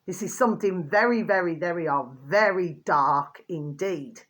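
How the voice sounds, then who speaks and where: A woman's voice: on the low side, moderate pace, a bit bright. A woman vlogging in a rambling, chatty monologue, with repetitive endearing asides to her viewers and indignant outbursts between gossipy stories.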